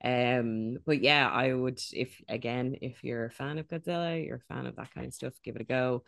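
Podcast co-host, mid-pitched, relaxed casual delivery, dry recording. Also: normal speed, creaky, no echo. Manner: laid-back, recommending shows. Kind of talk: casual chat.

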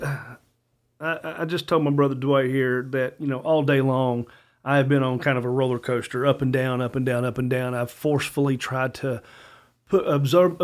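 A man, a combat veteran co-hosting a podcast, talking with barely held anger and heat. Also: mid-range voice. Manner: angry, heated, emphatic. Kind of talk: casual podcast talk.

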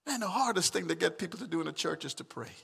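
A middle-aged pastor preaching a sermon, swinging from shouted emphatic calls to soft, chuckling storytelling. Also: male voice, high-pitched, expressive, racing, gravelly, breathy edge, long reverb tail.

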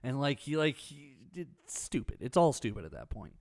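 A man co-hosting a podcast, telling animated stories in casual chat. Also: mid-range voice, normal speed, no echo, studio quality. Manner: animated storyteller. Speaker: podcast co-host.

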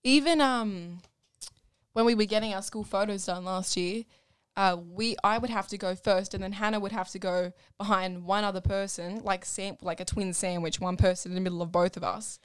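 A woman's voice: medium pitch, steady tone, moderate pace, clear, resonant tone, dry recording, studio quality. A young woman co-hosting a podcast with her twin sister, chatting casually with frequent restarts. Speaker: podcast co-host. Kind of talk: casual chat.

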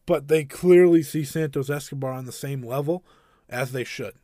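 A man's voice: medium pitch, moderate pace, mellow, no echo, clean studio sound. A man hosting a wrestling review podcast, talking in an enthusiastic, rambling way. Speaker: podcast host.

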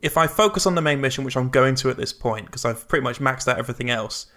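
A man co-hosting a casual podcast, eager and chatty, quick to laugh. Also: mid-range voice, pushed and bright. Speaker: podcast co-host. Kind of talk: casual chat.

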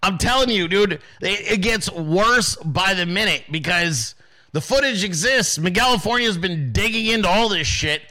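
A podcast host with a high, bright voice rambles through casual commentary. He swears freely and breaks into laughter often. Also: expressive, normal speed.

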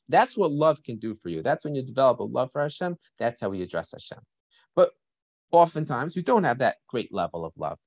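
A man's voice: medium pitch, no echo, muffled recording. A man teaching a Torah lesson through a story, often stopping to check in with "right?" and "okay?" and restarting phrases as he thinks aloud.

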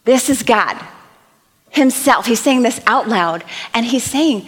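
Animated woman preaching in a reverberant hall. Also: a little high, slow, breathy edge. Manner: earnest, animated, conversational with scripture readings. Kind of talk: sermon. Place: church auditorium.

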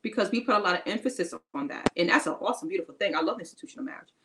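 A woman's voice: on the low side, lively intonation, racing, background noise. Woman preaching on a podcast, emphatic and repetitive. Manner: preachy and emphatic, repeating phrases; informal, casual grammar. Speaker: podcast co-host. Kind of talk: encouraging faith-based podcast talk.

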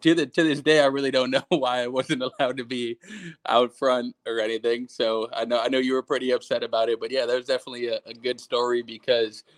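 A young man speaking as a podcast guest. He talks at a middle pitch, hesitating and laughing softly as he recounts a story. The sound is dry and close. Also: flat delivery, fast, dry recording. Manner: hesitant, many fillers, laughs while recalling. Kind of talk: casual chat.

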